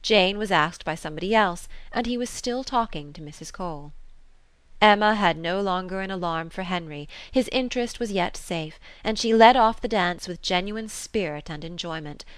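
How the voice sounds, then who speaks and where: A woman's voice: lowish voice, clean tone, no room sound. Woman reading a classic novel. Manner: measured, even storytelling. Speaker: narrator.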